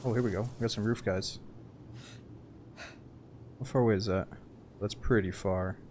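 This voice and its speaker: A man streaming a survival game, giving live commentary with excitable, profane, joking banter. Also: lowish voice, moderate pace, background noise.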